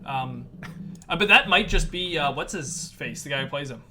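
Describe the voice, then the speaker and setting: Lively high-voiced male podcast host. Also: moderate pace, slight background noise. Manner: jokey, laughs often, repeats a catchphrase. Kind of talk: casual podcast chat.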